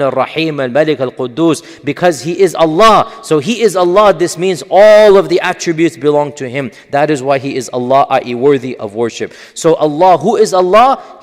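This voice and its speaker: A man giving an explanatory lecture on Quran commentary, stressing Arabic terms with a lifted voice. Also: a little high. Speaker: Islamic scholar lecturing. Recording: long hall reverb.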